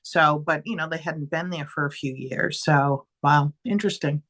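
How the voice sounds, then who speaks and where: A woman co-hosting a podcast in casual chat, animated, often exclaiming and trailing off mid-thought. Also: low voice, moderate pace. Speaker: podcast co-host.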